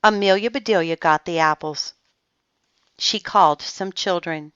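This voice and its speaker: Slow woman reading a kids book, bright crisp voice, dry lo-fi mic. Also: deep voice, no echo. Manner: slow, expressive storytelling. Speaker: storybook reader. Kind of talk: children's book read-aloud.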